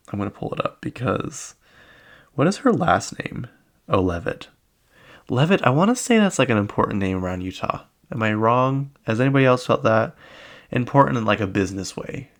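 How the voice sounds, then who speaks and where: Creaky low-voiced man chatting casually. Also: lively intonation, normal speed. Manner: rambling, many fillers and "like"s. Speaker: podcast host. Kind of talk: casual recap chat.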